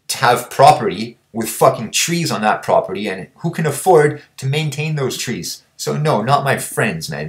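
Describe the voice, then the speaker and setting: Young guy ranting to camera, swears nonstop, blunt, mid-pitched voice. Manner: swears constantly, blunt and combative. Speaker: vlogger. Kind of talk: profane ranting monologue.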